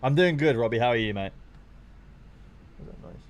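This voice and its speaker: A young man chatting casually to his viewers on a live stream while watching football, swearing freely and getting excited. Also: mid-range voice, moderate pace.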